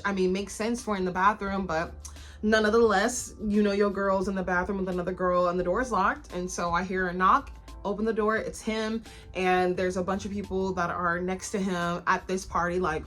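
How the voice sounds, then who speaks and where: A woman's voice: medium pitch, a bit bright. A woman in her twenties telling a personal story in a candid, casual vlog style. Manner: candid, conversational, lots of fillers and swearing. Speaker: vlogger.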